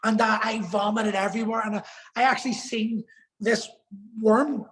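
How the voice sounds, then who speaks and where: High-voiced man, emotional and candid. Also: steady tone, moderate pace, a bit bright, rough recording. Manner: earnest, emotional, swears for emphasis. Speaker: podcast guest. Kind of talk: candid personal storytelling.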